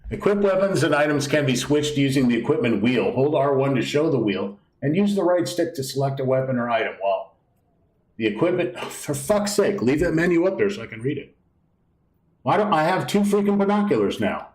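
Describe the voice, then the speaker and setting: A man's voice: medium pitch, animated, fairly quick, a little mellow, reverberant, low-quality recording. A man streaming a video game live, rambling casually, swearing now and then and reading on-screen text aloud. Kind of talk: casual live gameplay commentary.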